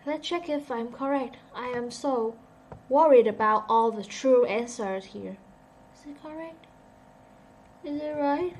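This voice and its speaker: A woman's voice: a little high, a little slow, darkish tone, a little hiss or hum. Chatty, self-joking English teacher, a woman. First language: Vietnamese. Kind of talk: casual online lesson.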